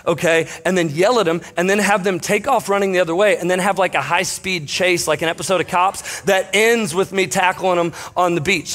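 A man's voice: sits high, a bit bright. A young man preaching a casual, joke-filled sermon to a church congregation, telling stories with lots of fillers. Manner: jokey, self-deprecating, lots of fillers. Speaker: pastor. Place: church stage before a congregation.

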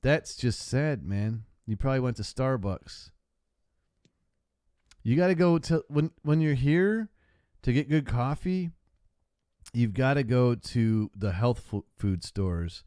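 A man's voice: medium pitch, slow, mellow, dry recording, clean studio sound. Laid-back swearing man hosting a call-in. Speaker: call-in show host. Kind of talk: casual livestream chat.

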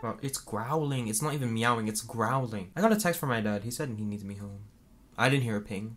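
A man's voice: medium pitch, brisk, fairly bright tone, a little hiss or hum. A man playing a story game, reading the characters' lines aloud in a playful, dramatic way and adding his own comments. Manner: playful, dramatic, swings between character voices and asides. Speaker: gaming YouTuber.

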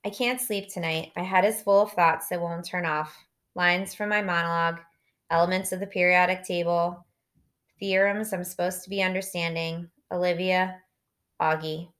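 Lady reading an audiobook, first person, steady and thoughtful, lowish voice. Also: moderate pace. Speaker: audiobook narrator.

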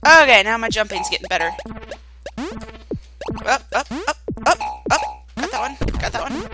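Excitable high-voiced woman playing a game. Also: normal speed, pauses often. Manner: excitable, yelps and shouts, swears playfully. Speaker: gaming video host. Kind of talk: let's-play commentary. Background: game music.

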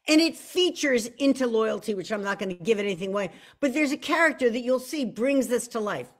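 A woman hosting a live online show, chatting casually and with self-deprecating humor, often restarting her sentences. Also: a little high. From United States. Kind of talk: casual live-stream talk.

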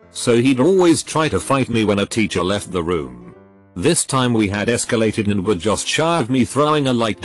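A man reading stories aloud as a narrator, speaking in a lively voice with flat asides. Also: on the low side.

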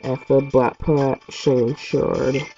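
A man's voice: medium pitch, flat delivery, drawn-out words, mellow. A man giving rambling, chatty gameplay commentary as a let's play host from his home basement, with mild swearing. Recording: muffled lo-fi recording over game music.

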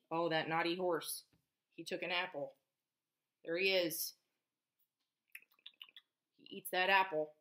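A woman's voice: lowish voice, fairly even intonation, slow pace, pauses often, fairly bright tone. A woman, a preschool teacher, reading a picture book aloud to children, counting along and asking them questions. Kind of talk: read-aloud storytelling for children.

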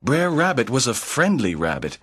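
A man narrating a folk tale slowly and clearly for language learners, in a measured storytelling manner. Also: medium pitch, huge pitch swings, fairly bright tone, no room sound, studio quality. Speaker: narrator of a graded reader. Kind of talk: slow scripted narration for learners.

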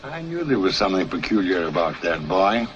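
An actor playing a stern, measured grandfather in a 1950s film comedy. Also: sits low, big pitch swings, muffled recording, slight background noise. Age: older. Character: stern grandfather, older man.

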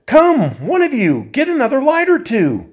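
A man voicing a commanding male dwarf leader who gives brisk orders. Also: extremely high pitch, huge pitch swings, darkish tone, voice pushed up, full character voice.

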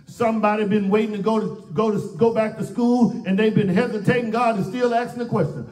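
A male pastor delivering an impassioned sermon, repeating phrases and swinging between shouted lines and hushed ones. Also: high voice, fairly even intonation, brisk, hardly any pauses. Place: church sanctuary. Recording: echoey church room, voice picked up from far off.

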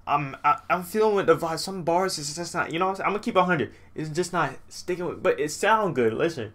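A young man hosting a music reaction video, chatting casually and excitedly, often repeating himself as he talks over what he hears. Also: fast. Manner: chatty and excitable, repeats himself, drops deep for a mocking impression.

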